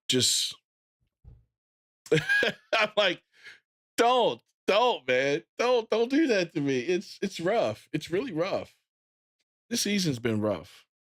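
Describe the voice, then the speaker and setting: Casually chatting on his live stream, a gaming streamer in his thirties speaks with a medium pitch. His retellings are animated, punctuated by loud bursts of excitement.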